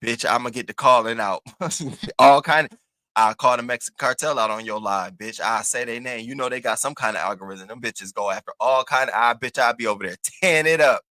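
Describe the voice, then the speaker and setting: A commentary host dishes gossip in a sassy, animated way, talking a little fast with plenty of slang and cussing. He keeps breaking into high squealing bursts. The recording has no room sound.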